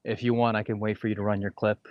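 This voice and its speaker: Brief: low-pitched male golf co-host, laid-back explainer, dry outdoor sound. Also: fast talker, no room sound, muffled recording. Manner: relaxed, explains course details. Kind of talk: casual on-course chat.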